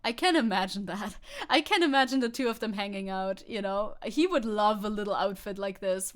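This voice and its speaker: A woman's voice: medium pitch, fairly quick. A woman streamer from Germany, reading the news aloud and reacting in a giggly, sarcastic way, swearing freely. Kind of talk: casual reaction commentary.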